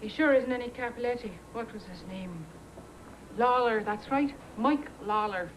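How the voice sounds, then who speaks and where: An actress playing a wary widow who answers the police curtly and with bitterness. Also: female voice, on the high side, moderate pace, slight background noise, close to an everyday voice, poor audio. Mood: bitter. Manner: curt, tight-lipped, then bitter.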